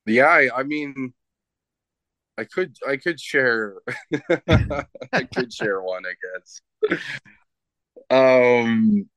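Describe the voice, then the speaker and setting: A man's voice: medium pitch, extremely slow, long pauses, fairly bright tone, no room sound. A man from Canada, a wrestler being interviewed, telling a story in a rambling, casual way with many restarts. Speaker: professional wrestler, guest.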